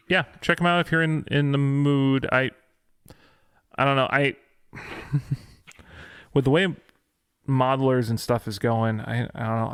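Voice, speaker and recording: A man's voice: mid-range voice, vocal fry, fairly bright tone, no room sound, studio quality. A man co-hosting a podcast, chatting casually about gear news with lots of fillers and restarts. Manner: hesitant, many fillers and restarts. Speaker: podcast co-host.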